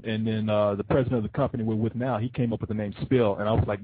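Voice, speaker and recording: A man's voice: fairly low pitch, steady tone, fast talker, hardly any pauses, husky, dry recording. A man hosting a call-in show, chatting loosely and joking with callers, swearing freely. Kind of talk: casual call-in chat. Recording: tinny phone-line sound.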